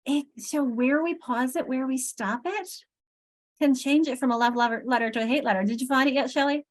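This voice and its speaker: A woman leads a literacy training session from a video call, her voice sitting somewhat high. She explains as she goes, thinking aloud and breaking off sentences to restart them. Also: fairly quick.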